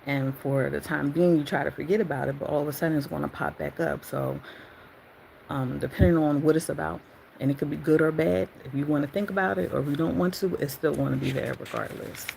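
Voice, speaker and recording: Gravelly woman musing, rambling, self-correcting. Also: low-pitched, fairly even intonation, fairly quick, a little mellow, slight background noise, rough recording. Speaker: faith vlogger. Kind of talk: casual devotional talk.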